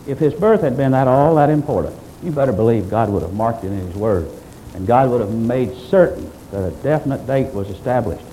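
Emphatic male preacher with a mellow voice. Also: medium pitch, animated, fairly quick, a little hiss or hum, poor audio. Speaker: pastor. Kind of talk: sermon.

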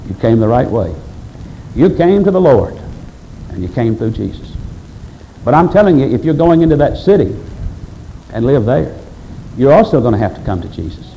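Male pastor, lively rising-and-falling sermon delivery, mellow tone, faint room hiss. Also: mid-range voice, rough recording. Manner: emphatic preaching, quoting scripture, rising and falling delivery.

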